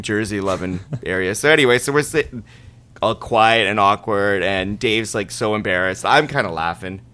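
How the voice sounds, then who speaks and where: Bright-voiced man telling a rambling story. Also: on the low side. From Winnipeg. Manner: rambling, laughing, many "like" fillers. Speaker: storyteller on a podcast. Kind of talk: casual anecdote among friends.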